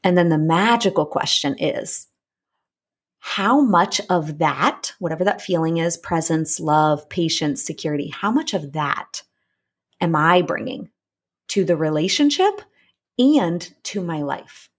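Earnest, husky-voiced woman coach. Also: low voice, animated. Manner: earnest, repeats key lines slowly for emphasis; chatty with restarts and asides. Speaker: relationship coach and podcast host. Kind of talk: casual podcast monologue.

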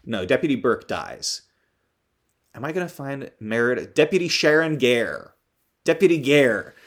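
Very animated yet a little slow, a podcast host with a mid-range voice retells a movie. His recap is casual and jokey, meandering, peppered with ums and self-corrections.

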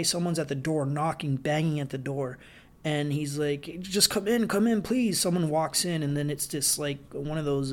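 Young male solo podcast host, slightly high voice, casual rambling film-review delivery. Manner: loose, rambling, acts out scenes with quick quoted voices.

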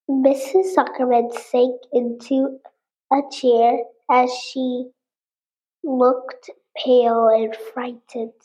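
Slow-reading woman with a high voice. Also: little pitch movement, warm tone. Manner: slow reading with chatty asides. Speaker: reader of a children's chapter book. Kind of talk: reading a story aloud. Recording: dull lo-fi sound.

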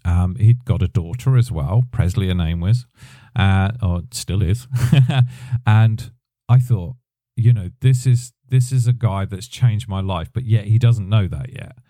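Chatty man, low mellow voice. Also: measured pace, dry recording, clean studio sound. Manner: rambling, self-correcting, chatty. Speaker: podcast host, drummer. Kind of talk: casual storytelling.

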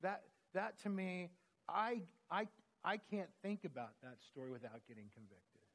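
A man's voice: high-pitched, sing-song, normal speed, fairly bright tone. A man preaching a sermon, telling stories in an earnest, conversational way.

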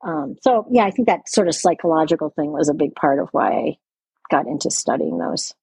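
Husky-voiced older woman, faint Canadian accent. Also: sits low, lively intonation, a little fast, darkish tone, no echo. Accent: light Canadian. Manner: rambling, self-correcting, laughs at herself. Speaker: interview guest. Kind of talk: reflective interview talk.

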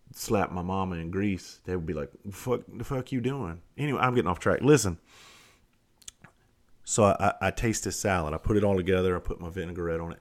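A man in his forties with a Southern US accent, telling a rambling, profane story in a casual monologue. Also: low-pitched. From Southern United States. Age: 40s. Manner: profane, animated, rambling and self-interrupting. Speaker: vlogger.

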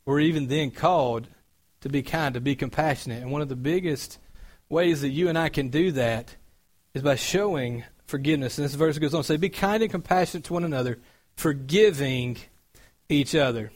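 A man delivers a sermon in a relaxed, conversational way. His voice sits a little high for a man. He slips into lively storytelling before turning earnest again. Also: brisk. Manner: conversational storytelling, animated when recounting. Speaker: preacher.

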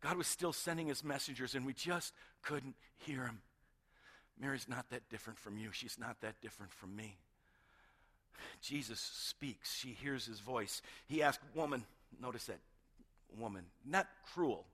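A middle-aged male pastor preaching a sermon, retelling a story with hushed moments and emphatic build-ups. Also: mid-range voice, normal speed, husky. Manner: animated storytelling, swings between hushed and emphatic.

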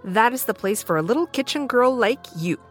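A woman voicing proud, mocking young stepsisters in a fairy tale, loud and scornful. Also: a little high, animated, brisk, faint music behind, voice pushed up, natural voice.

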